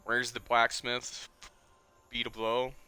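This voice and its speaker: A man's voice: medium pitch, completely flat delivery, slow, bright, forceful tone, smooth. A man in his twenties, a streamer, chatting casually and emotionally in a rambling way and swearing often. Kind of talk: casual nostalgic chat.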